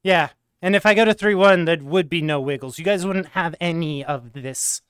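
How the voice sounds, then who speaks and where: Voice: mid-range voice, moderate pace, a bit bright, smooth, dry recording, studio quality. A streamer in casual chat, explaining game tech details and reading chat aloud into a headset mic.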